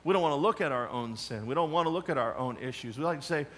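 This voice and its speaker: Bright, high-voiced man preaching a sermon. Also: fast. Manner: emphatic preaching, swinging between loud challenges and quiet asides. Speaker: pastor.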